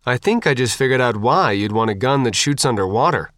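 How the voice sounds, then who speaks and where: A man's voice: mid-range voice, animated, fairly quick, a bit bright, no room sound, clean studio sound, lightly acted. A man reading an audiobook, voicing an angry, scornful teenage girl who fights zombies. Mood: wry.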